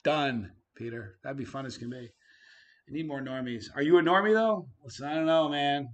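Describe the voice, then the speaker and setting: A man's voice: medium pitch, moderate pace. Chatty man hosting a live stream. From Canada. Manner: chatty, reads viewer comments aloud, swings loud and quiet. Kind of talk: casual live stream chat.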